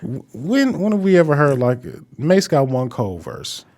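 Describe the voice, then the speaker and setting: A man co-hosting a casual podcast, easygoing and profane, his voice sitting a little high. He reads opinions aloud and stands by them in a loose, conversational way. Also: big pitch swings, measured pace, a little mellow. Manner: laid-back, profane, reading tweets aloud. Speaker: podcast co-host. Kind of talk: casual chat.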